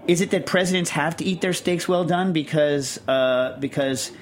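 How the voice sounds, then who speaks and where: A man's voice: fairly high pitch, moderate pace. A man co-hosting a casual chat podcast, rambling and ranting with lots of fillers and self-deprecating asides. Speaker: podcast co-host.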